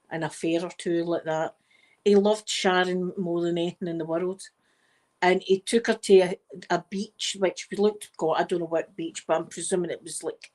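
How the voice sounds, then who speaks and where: A middle-aged Scottish woman in soft-spoken casual chat, rambling warmly as an ASMR host. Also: fairly low pitch. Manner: chatty and rambling, with frequent wee and laughter.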